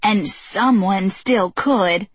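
A woman's voice: mid-range voice, extremely slow, husky, no room sound. A woman voicing a frail, skinny older woman who bluntly scolds and snaps orders at her neighbors. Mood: scolding.

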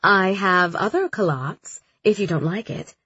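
A woman's voice: mid-range voice, unhurried, bright, forceful tone, breathy edge, dry recording, muffled recording, exaggerated voice. A woman voicing a composed young woman warrior who speaks in a matter-of-fact way.

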